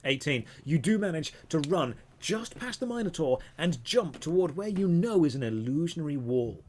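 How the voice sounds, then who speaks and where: A man narrating a tabletop game as dungeon master, in a measured storytelling manner. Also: on the high side, animated, darkish tone, a little hiss or hum.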